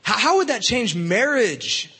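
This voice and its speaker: A man's voice: sits high, sing-song, measured pace, sharp tone, breathy edge, long reverb tail. A man preaching to young people in a casual, conversational way, with many fillers and restarts. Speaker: youth pastor. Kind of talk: youth sermon.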